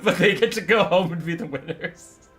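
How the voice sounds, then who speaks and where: A man casting a strategy game battle, telling the story in an animated, jokey way with quick asides. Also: high-pitched, husky, soft background music. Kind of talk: casual game commentary and storytelling.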